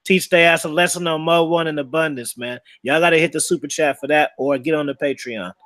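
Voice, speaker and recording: A man's voice: a little high, brisk, a bit bright, no echo. A man joining a casual group chat on a video call, playful and teasing. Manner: playful, plugs the channel.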